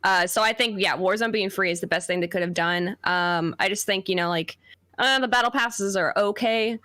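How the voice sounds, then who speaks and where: A woman's voice: mid-range voice, normal speed, sharp tone, no room sound. A woman on a gaming podcast panel, chatting with many fillers. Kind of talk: casual chat.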